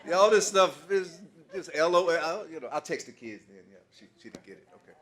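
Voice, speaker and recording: A man's voice: a little high, animated, a little fast, a bit bright, a faint crowd. An older man doing stand-up comedy, telling folksy stories in a loose way and laughing at his own jokes.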